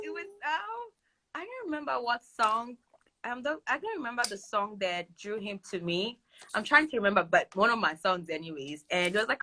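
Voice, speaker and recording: A woman singer being interviewed, telling stories in a casual, animated way with bursts of high laughter.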